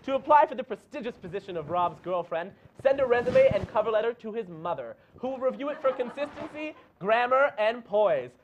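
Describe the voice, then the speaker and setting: A young man with a high voice reads a comic script in a deadpan mock-promotional tone. The recording sounds dull and lo-fi. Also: brisk, hardly any pauses, slight background noise. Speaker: segment narrator.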